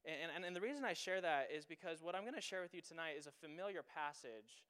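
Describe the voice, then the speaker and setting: A man's voice: fairly high pitch, fast, fairly bright tone, clean tone. A young man giving an informal, earnest sermon and prayer, with many fillers and restarts.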